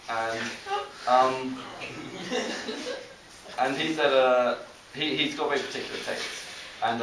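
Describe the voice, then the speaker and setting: A young British man doing a stand-up comedy set, self-deprecating, with halting delivery full of restarts. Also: mid-range voice. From Britain. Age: young adult. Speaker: stand-up comic. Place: college comedy show with a live audience. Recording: echoey, distant, hissy live recording.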